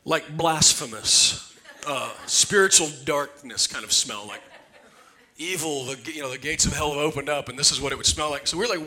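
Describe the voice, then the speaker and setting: Guy pastor telling a goofy dog story in church, bright forceful voice, kinda high. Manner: conversational, jokey, animated. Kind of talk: humorous sermon storytelling. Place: church sanctuary.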